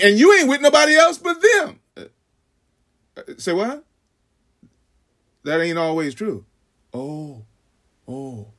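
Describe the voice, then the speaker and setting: Man preaching, high voice, lively swooping pitch, call-and-response, shouts then hushed asides. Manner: call-and-response, frequent "huh?"; swings between loud shouting and hushed asides. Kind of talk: sermon. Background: congregation laughing.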